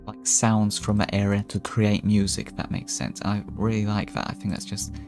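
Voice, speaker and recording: A man with a low, gravelly voice chats his way through a strategy game as a VTuber persona. He rambles and often restarts his sentences. The delivery is loose and casual. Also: little pitch movement, normal speed, a little mellow, faint music behind. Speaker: VTuber streamer. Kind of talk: casual gameplay commentary in character.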